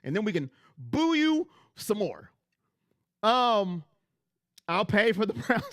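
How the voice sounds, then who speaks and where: Bright high-voiced man streaming to chat. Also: wildly swooping pitch, slow pace, pauses often, dry recording, clean studio sound. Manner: emphatic, repetitive, talks straight to chat. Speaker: fan livestream host. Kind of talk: casual livestream chat. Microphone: headset.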